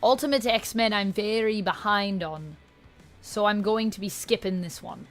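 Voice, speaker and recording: A woman's voice: mid-range voice, unhurried, faint music behind. Chatty woman streamer answering chat. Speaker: livestream host. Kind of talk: casual just-chatting livestream.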